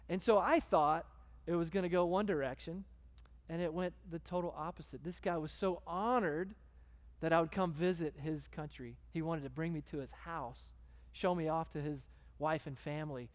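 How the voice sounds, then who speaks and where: A man, a guest preacher telling a story in a conversational, animated way. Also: a little high, normal speed. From Texas. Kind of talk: sermon storytelling. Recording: long hall reverb.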